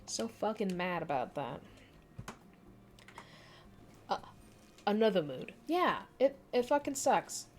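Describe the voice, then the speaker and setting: A woman's voice: mid-range voice, sing-song, takes it slowly, long pauses, a little hiss or hum. A young adult woman chatting casually on a live stream, answering viewer comments in a candid, rambling way with frequent laughs and casual swearing.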